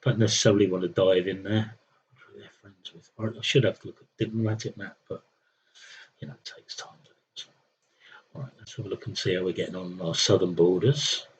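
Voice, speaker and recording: A man's voice: low voice, fairly even intonation, a little fast, highs cut off, a little hiss or hum. A man streaming a strategy game, talking to himself in a wry, rambling, self-mocking way. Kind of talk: rambling live-stream commentary.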